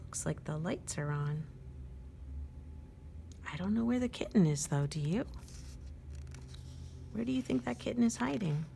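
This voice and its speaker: A woman at a library storytime, reading a picture book aloud to children, gently asking them questions and dropping to a whisper at quiet moments. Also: mid-range voice, expressive, gravelly, slight background noise. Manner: slow and gentle, pausing to ask young listeners questions.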